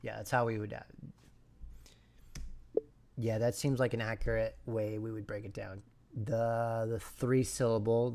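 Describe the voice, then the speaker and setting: A man streaming a language study session, thinking aloud and slowly repeating syllables to practice pronunciation, sometimes dropping to a whisper. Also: on the low side, steady tone, creaky, darkish tone. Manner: slow, repeats sounds and syllables, drops to a whisper at times.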